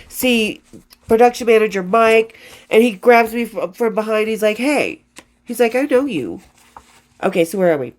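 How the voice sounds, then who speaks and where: A woman in her fifties reading from her old diary and telling rock stories in a rambling, profane way, often losing her place and starting over. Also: mid-range voice. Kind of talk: casual storytelling, reading diary entries.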